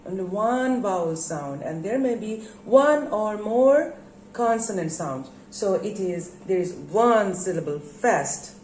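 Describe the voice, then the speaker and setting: A woman's voice: mid-range voice, animated, darkish tone. A woman teaching a lesson, stretching out words and repeating them for her students. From Bangladesh. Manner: slow, drawn-out word emphasis, repeats words for students. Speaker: English teacher. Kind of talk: recorded classroom lesson. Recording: echoey room, faint background noise.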